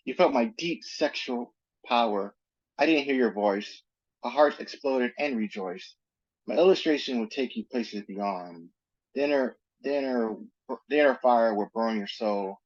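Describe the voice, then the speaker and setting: A man's voice: on the low side, dry recording. Man reciting rhyming poetry, lo-fi. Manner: rhythmic, rhyming delivery. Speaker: performing poet. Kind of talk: spoken word poetry. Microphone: video call. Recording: dull, lo-fi online call audio.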